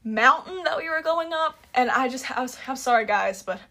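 A young woman hosting a casual podcast chat, animated and quick to laugh. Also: high-pitched. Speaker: podcast host.

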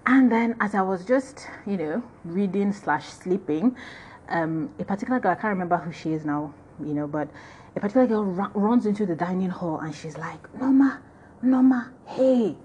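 A woman's voice: fairly low pitch, fairly quick, darkish tone, slight background noise. A woman with a Nigerian accent casually telling a personal story, chatty and full of "you know" and "like".

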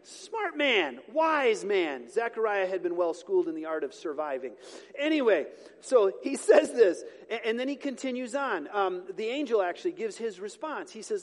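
A male pastor with a high voice preaches to his congregation in a casual, joking way, stopping now and then to fix his own slips. His voice carries with a long hall reverb around it. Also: big pitch swings, normal speed. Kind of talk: sermon. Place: church sanctuary with a congregation.

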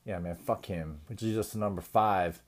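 A man hosting a podcast in a crude, rambling comedic rant, swearing constantly and often trailing off into low mumbles. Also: moderate pace. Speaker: podcast host.

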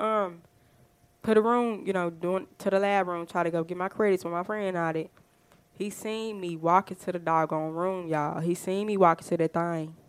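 A woman's voice: on the low side, clean tone, no echo. A woman podcast host, telling a story in a chatty, rambling way with lots of fillers. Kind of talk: casual storytelling.

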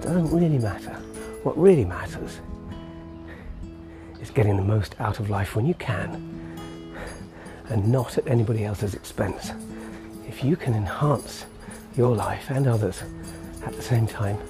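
A man's voice: fairly low pitch, a little slow, music in the background. A man walking his dog outdoors, thinking aloud in a rambling, musing monologue with restarts and chuckles. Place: outdoors on a street walk.

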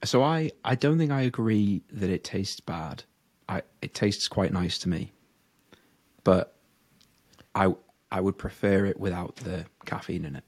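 Deep and a little mellow, this young man's voice moves somewhat slowly as he co-hosts a relaxed podcast. A powerlifter, he spins chatty stories, laughing often and leaning on "like" as a filler.

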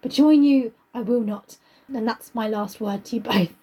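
A woman voicing an injured, defiant young gentleman in a low, strained mutter. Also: moderate pace, husky.

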